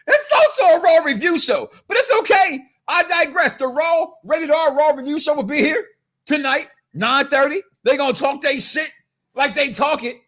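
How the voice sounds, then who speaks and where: Male host, very high voice, boisterous and joking, trash-talks freely. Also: fairly bright tone. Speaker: show host. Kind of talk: casual wrestling talk show.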